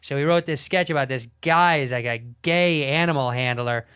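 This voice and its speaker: A man telling a rambling, profane story in a casual, animated way. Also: on the high side, moderate pace, clear, resonant tone.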